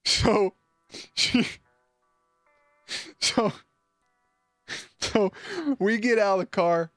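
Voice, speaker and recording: A man's voice: sits high, very slow, fairly bright tone, dry recording, soft background music. Man telling a loose, profane story. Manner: loose, profane, laughs at his own story. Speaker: streamer. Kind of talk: casual storytelling on a live stream.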